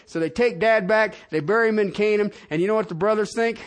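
Man, pastor, sermon, higher pitch, dramatic loud-to-soft swings, church hall. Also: fast, few pauses. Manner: dramatic swings from loud preaching to quiet prayer.

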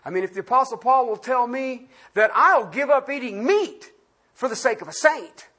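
Animated, unhurried Bible teacher with a husky voice; preaches with rhetorical questions and loud-to-quiet swings. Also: medium pitch. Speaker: pastor. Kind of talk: Bible-study sermon.

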